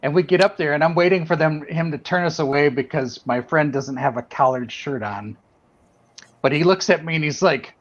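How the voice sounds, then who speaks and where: A man telling a lively anecdote in casual chat on an art stream, acting out the quotes. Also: fairly high pitch, moderate pace. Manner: animated anecdote teller, acts out quotes. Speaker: artist on a drawing livestream. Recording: dull lo-fi stream audio.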